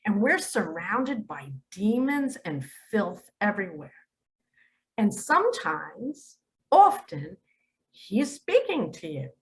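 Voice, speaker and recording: A woman acting as a spiritual teacher gives a religious monologue, speaking slowly and very animatedly in a mid-range voice. Her delivery is emphatic, lurching suddenly between loud and hushed, and the recording is rough.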